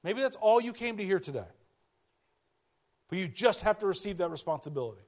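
A man with a high voice delivers a sermon to his congregation. He talks in a conversational way, repeats his key lines and acts out the voices of people he quotes. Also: animated, brisk. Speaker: pastor.

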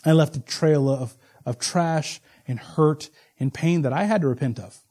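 A man in his forties preaching a sermon as pastor, shifting between quiet, confiding asides and slow, emphatic, rising proclamation. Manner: swings from low, intimate asides to loud, slow, emphatic proclamation.

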